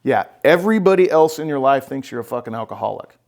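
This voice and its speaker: A man with a gravelly, creaky voice in a mid-range pitch hosts a podcast as a no-nonsense therapist. He talks bluntly, swears freely and keeps tagging his points with "right?". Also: expressive, fast, darkish tone. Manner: blunt, profane, emphatic, keeps checking with "right?". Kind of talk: casual podcast conversation.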